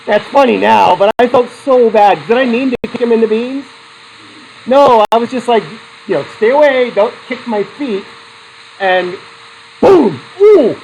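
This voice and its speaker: A man's voice: sits high, a little mellow, a little hiss or hum, poor audio. A man teaching a psychology class in a chatty, digressive way, laughing often and putting questions to his students. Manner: laughs often between points. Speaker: psychology instructor. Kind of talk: classroom lecture.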